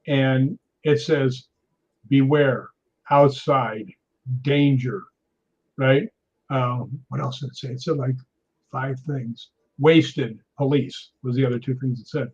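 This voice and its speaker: A middle-aged man telling a story in an interview, animated and acting out quoted lines. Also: mid-range voice, normal speed, husky. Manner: animated anecdote teller, acts out quotes. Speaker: stunt performer guest. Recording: dull lo-fi audio.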